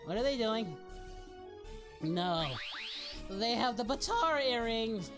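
A performer voicing Goku, an excitable young male martial-arts hero, cheering and shouting through in-character reaction commentary. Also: mid-range voice, takes it slowly. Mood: hyped. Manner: hyped, shouting, cheering at the screen. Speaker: reaction channel host. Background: music.

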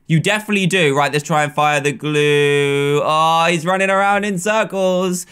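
A young English man in his twenties giving excitable, playful gameplay commentary, chatting and often breaking into yelling. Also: a little high, normal speed, clear, resonant tone. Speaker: gaming YouTuber.

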